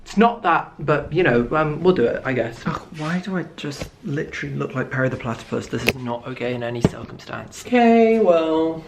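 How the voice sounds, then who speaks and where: A man's voice: mid-range voice, fairly quick, creaky, hardly any pauses, heavy background noise. Playful camp young British man. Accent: British English. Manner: playful, camp, sings silly snippets. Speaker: vlogger. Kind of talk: casual comedic vlog.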